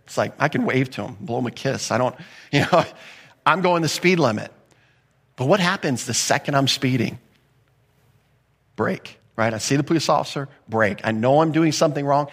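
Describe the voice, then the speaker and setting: A man preaching a sermon in a conversational way, with quick acted asides and rising emphasis. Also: mid-range voice, lively intonation, a bit bright. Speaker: pastor.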